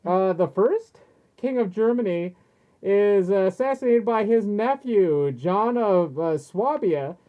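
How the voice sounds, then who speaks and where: A woman's voice: mid-range voice, animated, slow pace. A woman casually reading history facts aloud, stumbling over names and laughing often. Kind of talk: casual chat reading from screen. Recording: tinny phone-like sound.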